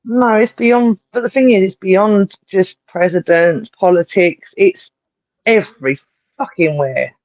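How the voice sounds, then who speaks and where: A man's voice: sits high, measured pace, a little mellow, no echo, lo-fi sound. A man co-hosting a casual podcast, chuckling and jumping in loosely. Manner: chuckling, loose, interjects often. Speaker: podcast co-host. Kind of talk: casual chat.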